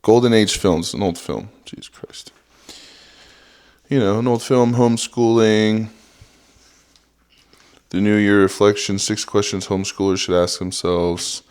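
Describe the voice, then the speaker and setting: A man's voice: fairly low pitch, steady tone, a little slow, darkish tone, clear, resonant tone. A young man hosting a solo comedy podcast, swearing a lot and mocking what he reads in a sarcastic rant. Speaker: podcast host.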